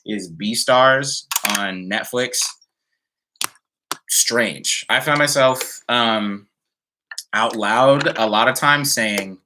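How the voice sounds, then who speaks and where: Indoors at home, a man chats casually on a live stream, answering viewer comments and rambling with lots of fillers, sounding a bit tired. His mid-range voice swings widely in pitch at a slow pace, with background noise present.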